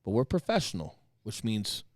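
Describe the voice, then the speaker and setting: A man's voice: fairly low pitch, wildly swooping pitch, normal speed, no echo, studio quality. Profane, emphatic man telling stories. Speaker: former Marine, podcast guest. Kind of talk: casual chat.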